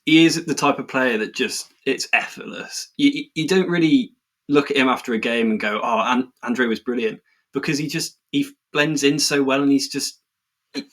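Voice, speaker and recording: Relaxed man talking football. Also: medium pitch. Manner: relaxed, repeats words. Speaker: podcast co-host. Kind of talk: casual football chat.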